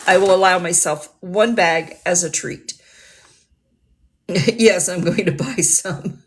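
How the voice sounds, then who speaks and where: A woman's voice: lowish voice, slow. A woman chatting casually on a livestream in a rambling, chatty way, laughing often.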